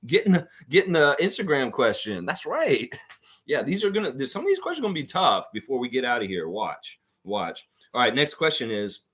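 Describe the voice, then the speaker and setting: A man runs a casual online trivia show, calling out viewers' guesses as right or wrong. His pitch swings freely, rising high when he is amused, and he keeps up a steady stream of chatter and light laughter. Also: moderate pace, slightly rough. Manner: chatty, reads out viewer answers, laughs often. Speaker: trivia quiz host. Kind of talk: casual livestream quiz hosting.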